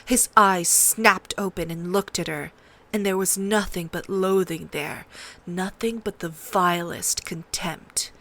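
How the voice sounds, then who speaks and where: A woman reading a fantasy novel aloud as an audiobook, with dramatic, expressive storytelling. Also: on the low side, takes it slowly. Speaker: audiobook reader.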